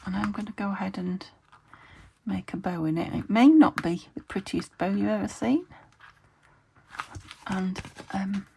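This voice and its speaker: A woman's voice: medium pitch, measured pace, creaky, mellow, a little hiss or hum. A woman from the UK chatting casually to camera as she makes a craft, meandering and talking to herself as she works. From United Kingdom. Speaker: crafting video host.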